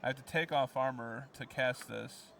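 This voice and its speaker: A man's voice: mid-range voice, normal speed, creaky, pushed and bright, recorded from a distance, slight background noise. A rambling man narrating a game. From US Midwest. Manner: rambling, explanatory, lots of ums. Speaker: let's play narrator. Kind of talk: casual game commentary.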